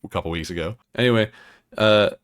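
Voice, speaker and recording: Young male co-host, lowish voice, rambling irreverent banter. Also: brisk. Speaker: podcast co-host. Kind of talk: casual chat, episode review.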